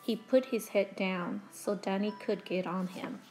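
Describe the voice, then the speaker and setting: A woman teacher reading a children's picture book aloud to her pupils, slow and expressive. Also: mid-range voice, faint music behind, low-quality recording. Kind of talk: children's storybook read-aloud.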